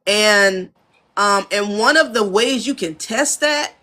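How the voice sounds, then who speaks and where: Speaking slowly in a mid-range voice, this American audio engineer and producer gives a candid, casual interview from her home studio. She's a lively storyteller who plays out studio dialogue and laughs frequently.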